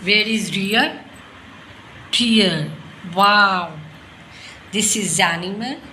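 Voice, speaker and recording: Her voice medium-pitched, bright and forceful, a woman speaks extremely slowly while teaching toddlers about animals. She keeps her sentences simple and asks lots of questions, and the room is echoey with faint noise.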